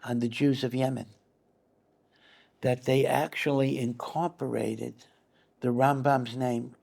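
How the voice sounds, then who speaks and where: A man, a rabbi, giving a conversational Torah lecture, animated and fond of repeating phrases for emphasis. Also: mid-range voice, slow, creaky. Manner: animated, repeats phrases, acts out quoted voices.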